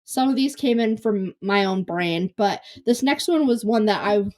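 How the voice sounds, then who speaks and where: A woman's voice: mid-range voice, animated, moderate pace, a little mellow. Young woman, solo podcast host, rambling self-mocking storyteller, close mic, voice slightly worn. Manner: chatty, self-deprecating, rambling with restarts. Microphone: close podcast mic on camera.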